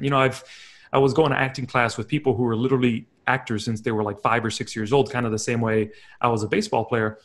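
A man's voice: mid-range voice, fairly even intonation, fast talker. A young man, a confidence coach, telling his personal story in a candid, reflective way, acting out his own past thoughts. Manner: candid, reflective storytelling with acted-out inner quotes.

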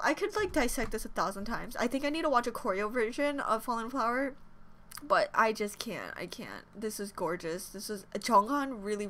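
A woman hosting a reaction video, gushing emotionally, swearing often and breaking into excited exclamations. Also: a little high. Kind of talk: casual reaction commentary. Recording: music playing behind. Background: music from the video she reacts to.

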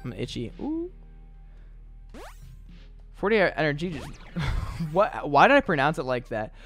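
A man's voice: fairly high pitch, huge pitch swings, measured pace, a bit bright, soft background music. A man streaming a video game, giving casual running commentary, often exasperated and mocking himself. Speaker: gaming streamer. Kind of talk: casual let's-play commentary.

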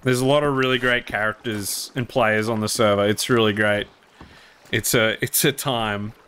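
A man streaming a roleplay game, chatting casually with viewers, animated and laughing often as he thanks them. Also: fairly low pitch, moderate pace, clean tone.

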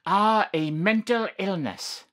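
Woman hamming up a slow, thundering preacher. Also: medium pitch, fairly bright tone, pitched above the performer's own voice. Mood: preachy. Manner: drawn-out, sermonizing delivery. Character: slow, solemn fire-and-brimstone preacher scolding sinners.

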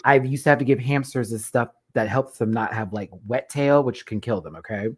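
Low-voiced woman, rowdy storytelling host. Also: a little fast, breathy edge. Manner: animated, profane storytelling with frequent laughter. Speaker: show host reviewing a TV competition. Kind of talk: casual live stream chat.

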